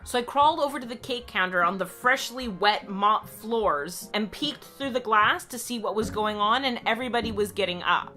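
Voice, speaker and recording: A young woman with a bright, high voice tells a story in a casual vlog, quick and full of crude jokes. Soft music plays faintly behind her. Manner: quick, joking, crude humor. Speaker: vlogger.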